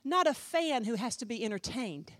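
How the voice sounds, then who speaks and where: A middle-aged woman pastor preaches in a high, dry, close-miked voice. She fires rhetorical questions and swings from loud emphasis to hushed asides. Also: very animated, normal speed, no echo. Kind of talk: sermon.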